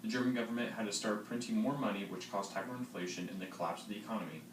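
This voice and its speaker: A teenage boy with a fairly low voice reads his part of a class project plainly and steadily. The sound is distant and roomy. Faint noise sits underneath. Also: racing. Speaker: student presenter. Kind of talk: school project narration.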